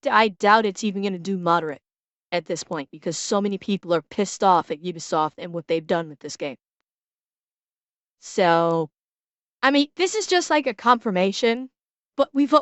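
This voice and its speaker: A woman's voice: mid-range voice, lively intonation, moderate pace, a bit bright, dry recording. A young adult woman streaming a casual reaction, blunt and swearing freely, often restarting her sentences.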